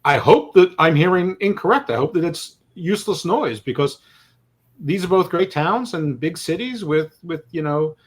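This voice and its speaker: A man's voice: on the high side, expressive, normal speed, breathy edge. A man co-hosting a casual sports podcast, rambling with stammered restarts and self-deprecating jokes. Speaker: podcast co-host.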